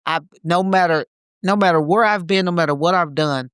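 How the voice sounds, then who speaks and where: A man's voice: high-pitched, a little fast, a bit bright, clear, resonant tone, no room sound, studio quality. A man co-hosting a podcast in a reflective, casual conversation, speaking emphatically and repeating phrases to drive his points home. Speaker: podcast co-host.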